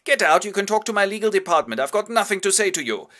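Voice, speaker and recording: A man voicing a blustering middle-aged businessman who protests and fusses in sharp, raised outbursts. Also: very animated, normal speed, full character voice. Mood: fussy. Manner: fussy, protesting, high-pitched exclamations.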